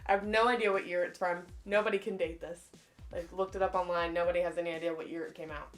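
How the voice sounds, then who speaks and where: A woman's voice: fairly low pitch, fairly even intonation, quick pace. A woman co-hosting a casual collecting video, chatty and enthusiastic, often saying "like". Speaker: co-host. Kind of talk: casual collection show-and-tell.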